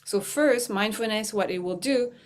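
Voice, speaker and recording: A woman's voice: medium pitch, moderate pace. Chatty, laughing woman teaching mindfulness. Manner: chatty, laughs often, many restarts and fillers. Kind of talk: conversational storytelling.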